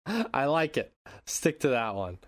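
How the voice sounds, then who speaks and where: A man's voice: medium pitch, very animated, takes it slowly. A young man hosting a casual podcast who laughs often, rambles, and swears while recapping an episode. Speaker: podcast host.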